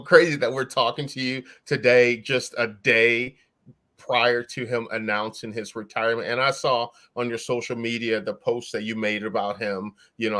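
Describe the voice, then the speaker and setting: A man's voice: medium pitch, fairly bright tone. Host: man in a mid-range voice, casual, loose question-asker who keeps restarting. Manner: rambling, self-interrupting questions. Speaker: podcast host. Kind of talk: casual interview.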